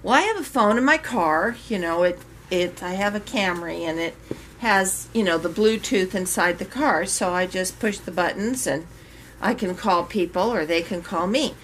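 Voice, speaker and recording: An older woman casually telling a story to her viewers, chatty and animated, acting out the quoted voices. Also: fairly low pitch, normal speed, slight background noise. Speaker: reborn doll maker vlogger.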